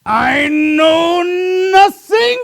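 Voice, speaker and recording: A comedian putting on the gruff German-accented voice of his immigrant father, barking dismissive answers. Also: very high voice, animated, extremely slow, pitched above the performer's own voice, full character voice.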